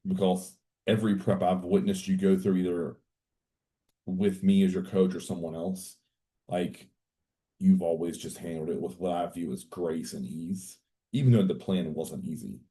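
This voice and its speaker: Low, mellow-voiced man hosting. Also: steady tone, moderate pace. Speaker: podcast host and coach. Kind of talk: casual podcast chat.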